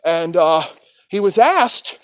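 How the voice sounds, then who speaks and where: A man's voice: high-pitched, sing-song, takes it slowly, no room sound. A man vlogging in a casual rant, crude and full of swearing, with laughs between remarks. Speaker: street vlogger.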